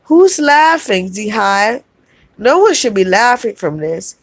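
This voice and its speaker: A woman's voice: on the high side, sing-song, slow pace, no room sound. Heartfelt woman talking to her viewers. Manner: heartfelt, repetitive, addresses viewers as y'all. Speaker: vlogger reading live chat. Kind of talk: emotional livestream chat.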